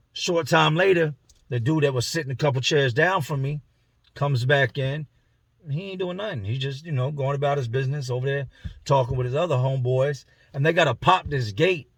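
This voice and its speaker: A man's voice: medium pitch, brisk, no echo. A man telling a story casually in slangy speech from inside a car, acting out the voices of the people in it. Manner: slangy, conversational, acts out the voices in his story. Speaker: vlogger telling a prison story.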